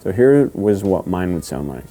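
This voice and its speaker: A man giving a step-by-step lesson, patient and repetitive, often checking in with "okay?" and slowly counting out rhythms. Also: low voice, very animated, warm tone. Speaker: duck calling instructor. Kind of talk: step-by-step instruction.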